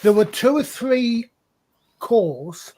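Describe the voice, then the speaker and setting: A high-voiced Scottish man in casual panel chat. He rambles, stops, and restarts his sentences as he works toward his point. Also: expressive, takes it slowly, warm tone. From Scotland. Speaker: panel member.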